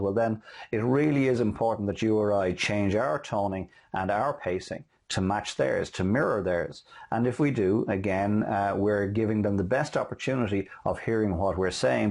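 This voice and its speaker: A man hosting a motivational talk on selling, telling stories quickly with many fillers and restarts. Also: fairly low pitch, gravelly, a little mellow. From Ireland. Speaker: host and sales motivational speaker. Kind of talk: casual motivational talk with anecdotes.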